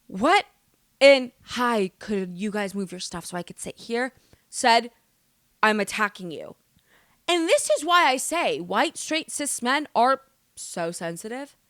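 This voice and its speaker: A young woman from the United States, hosting a podcast and telling stories in a loud, animated, swearing way. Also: on the high side, slow, no room sound, studio quality. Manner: animated, swearing, exaggerated storytelling. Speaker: podcast host. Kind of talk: casual storytelling monologue.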